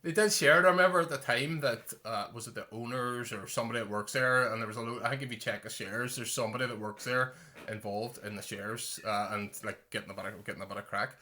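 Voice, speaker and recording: A man's voice: medium pitch, fast talker, sharp tone. A man hosting a casual chat, laughing and restarting as he reads a comic article aloud. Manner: chatty, laughing, many restarts. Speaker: podcast host. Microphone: desk microphone.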